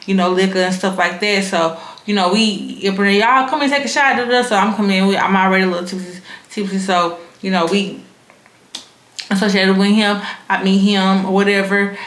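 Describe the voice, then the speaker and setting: A woman's voice: medium pitch, steady tone, normal speed, fairly bright tone. A young woman, telling a story to her vlog audience in a frank, slangy, casually profane way. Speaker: vlogger. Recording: roomy echo.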